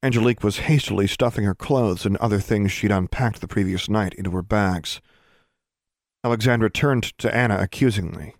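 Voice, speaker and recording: Gravelly low-voiced male narrator. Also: dry recording, clean studio sound. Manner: steady, measured reading with gravelly low tone. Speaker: audiobook narrator. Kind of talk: audiobook narration.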